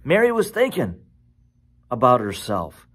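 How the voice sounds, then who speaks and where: A man preaching a sermon as pastor, with animated, conversational storytelling and questions to his listeners. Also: mid-range voice, a little slow, breathy edge. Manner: animated storytelling, self-correcting.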